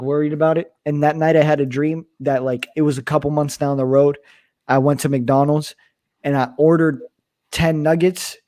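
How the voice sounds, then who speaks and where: Young guy from pennsylvania, high voice, swearing a lot while he tells a dream story. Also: dark tone. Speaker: streamer. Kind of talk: casual chat.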